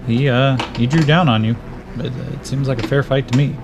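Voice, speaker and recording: A man voicing a blunt, loyal retainer in a tabletop game, speaking in a quick and offhand way. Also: mid-range voice, steady tone, music in the background, close to an everyday voice. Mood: casual.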